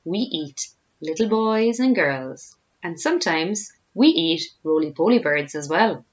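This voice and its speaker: A woman voicing an enormous, greedy male crocodile in a storybook reading, with a slow gloating drawl. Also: on the low side, animated. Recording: dull lo-fi home recording.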